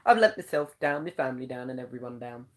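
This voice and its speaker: A young man hosts a relaxed live chat from home, answering viewers one by one. He meanders through his thoughts with frequent ums and restarts. His voice sits at an ordinary middle pitch. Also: moderate pace. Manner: chatty and meandering, many ums. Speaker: live-stream host. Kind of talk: casual live chat reading comments.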